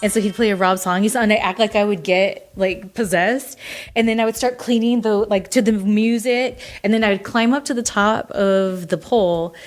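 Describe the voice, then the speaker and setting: A woman guest in a casual interview, telling candid stories in an animated way, laughing often and swearing casually. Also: medium pitch, moderate pace. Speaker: guest, former wrestler.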